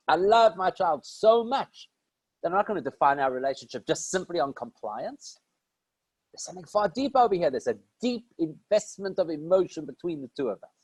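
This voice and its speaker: Giving a Torah lecture to his class in a chatty style, a rabbi from South Africa poses questions and supplies the answers himself. His voice is high with a breathy edge, captured in a dry, low-quality recording.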